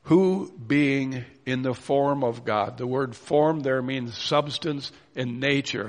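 A man preaching a sermon, explaining scripture in a steady teaching manner and reading verses aloud. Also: medium pitch, vocal fry. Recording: long reverb of a church hall.

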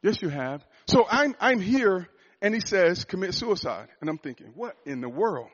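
Male church speaker, sermon testimony, emphatic with hushed stretches, fairly high voice, dull lo-fi sound. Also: very animated, normal speed. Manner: emphatic preaching, dropping to hushed storytelling.

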